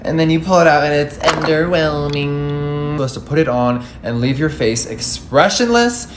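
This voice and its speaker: A man's voice: fairly high pitch, moderate pace, slight background noise. A man in his thirties reviewing makeup in a casual vlog, campy, sassy and freely swearing. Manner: campy, sassy and profane, lively exclamations.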